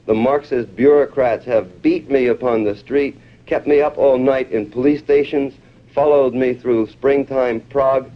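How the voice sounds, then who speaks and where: A man reading his own poem aloud in a declamatory, chant-like cadence. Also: medium pitch. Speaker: poet. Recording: dull lo-fi old recording.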